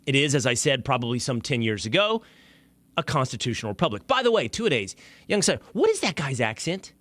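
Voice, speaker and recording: A male show host delivering a sarcastic, animated opinion monologue. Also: medium pitch, brisk, no echo.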